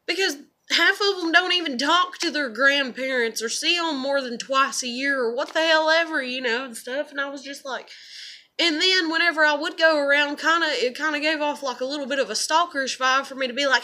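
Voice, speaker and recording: A woman's voice: high-pitched, moderate pace, pushed and bright. A woman and mother speaking in a casual monologue, rambling, candid and often profane. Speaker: vlogger and mother.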